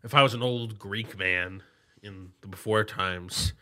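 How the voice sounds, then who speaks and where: A man's voice: lowish voice, steady tone, measured pace, sharp tone. A young man co-hosting a podcast in casual chat, laid-back, reasoning things out and laughing easily. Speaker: podcast co-host.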